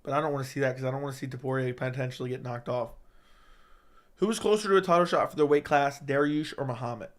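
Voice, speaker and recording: A man hosting a casual livestream, reading viewer questions out loud and answering them in a chatty, joking way. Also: medium pitch, quick pace. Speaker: livestream host.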